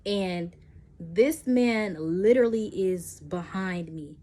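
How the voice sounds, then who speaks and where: A young woman tells a personal storytime in a casual, animated way. She jumps between her own voice and the other person's lines, her pitch leaping up when she gets heated. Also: slow. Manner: animated, acts out both sides of the story.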